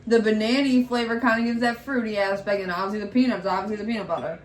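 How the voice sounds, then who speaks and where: A woman's voice: medium pitch, steady tone, fast talker. A woman co-hosting a home snack vlog, chatting eagerly while eating. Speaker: vlogger co-host. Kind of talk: casual chat while eating. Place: home, indoors. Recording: echoey room.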